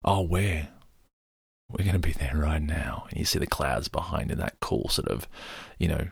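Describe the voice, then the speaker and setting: Deep husky guy just rambling thru a movie plot, dry close sound. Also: normal speed, no room sound. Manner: rambling, loose storytelling with many fillers. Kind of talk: casual retelling of a film scene.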